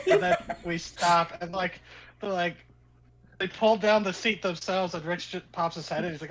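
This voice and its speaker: A man's voice: sits high, moderate pace, low-quality recording. A man narrating as game master of a tabletop game, telling a rambling story full of "like" and acted-out quotes. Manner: rambling, animated storyteller with frequent "like".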